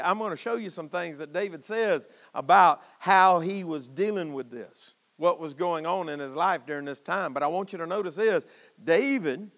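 A man's voice: high-pitched, creaky, fairly bright tone, long reverb tail. A man preaching an impassioned, folksy sermon to his congregation, calling out to them as he goes. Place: church sanctuary.

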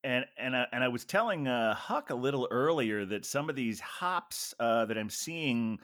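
A man's voice: medium pitch, animated, moderate pace, fairly bright tone, dry recording, studio quality. A man hosting a beer podcast, chatting in a playful, wry, self-mocking way. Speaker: podcast host, "the captain". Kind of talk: casual chat.

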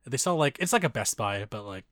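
A young man in casual conversation, telling a story in an animated way, laughing often and acting out the people he quotes. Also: mid-range voice, brisk, dry recording, studio quality.

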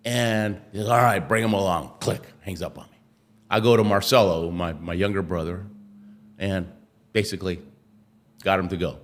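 A man's voice: low voice, moderate pace, pauses often, slight background noise. A man, a former athlete and interview guest, telling stories animatedly and acting out what others said. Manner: animated, acts out quotes, laughs often. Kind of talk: storytelling interview.

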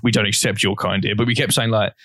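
A man's voice: lowish voice, steady tone, quick pace, a bit bright, dry recording, studio quality. A young man co-hosting a podcast, telling a long story in a rambling, casual way with plenty of swearing. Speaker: podcast co-host. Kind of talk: casual chat.

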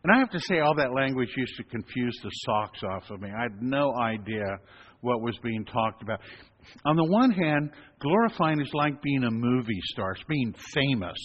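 Priest preaching in an echoing hall. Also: male voice, mid-range voice, expressive. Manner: unhurried storytelling with gentle humor. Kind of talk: sermon. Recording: reverberant hall, dull lo-fi.

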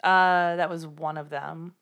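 A woman's voice: low-pitched, fairly even intonation, measured pace, a crowd in the background. A woman co-hosting a podcast in casual chat, teasing and saying "like" a lot. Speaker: podcast co-host.

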